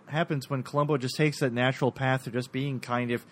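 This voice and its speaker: A man co-hosting a casual podcast chat about a TV episode, animated and laughing as he acts out quotes. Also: medium pitch, fairly quick. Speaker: podcast co-host.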